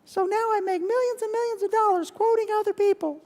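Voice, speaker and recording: A man imitating a small, high-voiced woman preacher who doubted herself. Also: steady tone, fast, darkish tone. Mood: earnest. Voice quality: high, thin voice.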